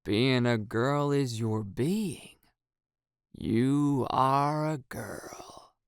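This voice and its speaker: A man voicing an excited teenage boy who chants hypnosis lines in a slow monotone. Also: mid-range voice, smooth, dry recording, studio quality.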